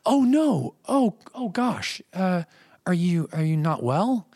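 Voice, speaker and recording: A man doing an impression of a friendly, eager male film star, in a high, effusive voice. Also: expressive, moderate pace. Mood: flustered friendly. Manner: gushing, high-pitched, effusive.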